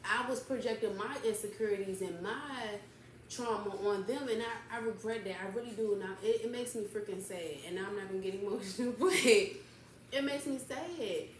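A woman's voice: medium pitch, normal speed. A woman hosting a casual talk show, speaking candidly and emotionally in loose, slangy, rambling chat. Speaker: podcast host. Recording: echoey room from a distance, faint noise.

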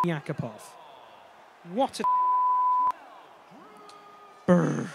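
Exasperated gamer, lively high voice. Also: male voice, unhurried, heavy background noise. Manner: exasperated, swearing, ranting at teammates. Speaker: gaming channel host. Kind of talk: gameplay commentary.

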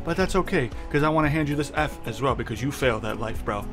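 A man's voice: mid-range voice, fast talker. A man hosting a reaction commentary, talking casually with mocking jokes, slang and swearing. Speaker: commentary host. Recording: background music under the voice.

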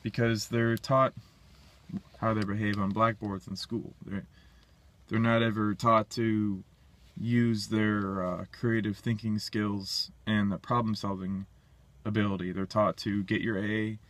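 A man's voice: on the low side, little pitch movement, a little slow, a bit bright, no room sound. A man talking alone in a casual monologue, blunt and dismissive, thinking aloud and restarting his sentences. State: burping. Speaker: independent science commentator.

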